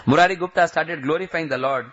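A man preaching a sermon, retelling a devotional story and slowing down with a lifted voice when he quotes prayers. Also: a little high, a bit bright. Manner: slows and rises when voicing prayers. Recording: dull lo-fi recording.

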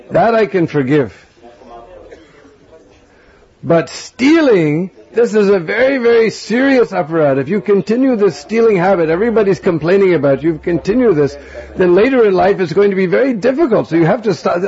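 A man's voice: high voice, expressive, fairly quick, darkish tone, dull audio. A man voicing an angry mother scolding her naughty little boy, in a stern, lecturing way.

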